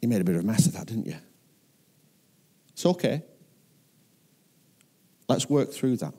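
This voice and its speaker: A man voicing a gentle, patient God. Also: medium pitch, very animated, normal speed, big-room sound. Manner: reassuring, coaxing. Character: gentle, patient divine voice, male.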